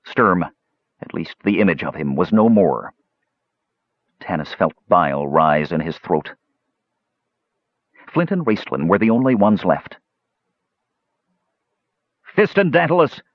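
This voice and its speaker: A man reading a fantasy novel aloud as an audiobook narrator, expressive and dramatic, in a slightly muffled recording. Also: low-pitched, normal speed, no echo.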